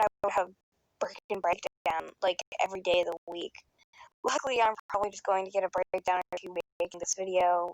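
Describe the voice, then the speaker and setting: A woman's voice: lowish voice, dry recording, poor audio. A teenage girl telling a personal storytime in a rambling, emotional way, swearing a lot and sometimes choking up, recorded on a phone. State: tearful at times. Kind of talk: casual storytime monologue.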